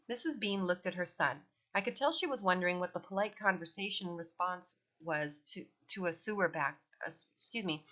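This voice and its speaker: Woman reading a children's novel, bright. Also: fairly low pitch. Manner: lively first-person storytelling. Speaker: audiobook reader. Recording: dull lo-fi recording.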